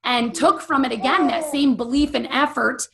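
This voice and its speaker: A woman's voice: sits high, moderate pace, creaky, a bit bright. Earnest woman in her forties. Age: 40s. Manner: earnest, emotional, chatty with many fillers. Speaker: interview guest. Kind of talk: candid personal storytelling.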